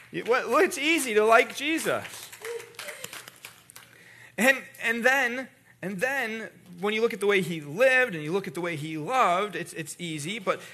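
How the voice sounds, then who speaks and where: A man's voice: high-pitched, sharp tone. A man preaching a sermon as pastor to a church congregation, talking conversationally, restarting words, and calling on the room to repeat after him. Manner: calls on the congregation to respond. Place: church sanctuary.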